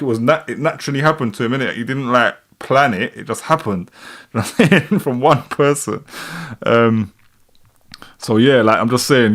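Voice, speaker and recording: A man in his thirties with a London accent, chatting casually on a livestream and reading out comments, rambling with fillers and frequent laughs. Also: fairly low pitch. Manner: rambling, laid-back, laughs often, many fillers and restarts. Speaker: rapper and livestream host.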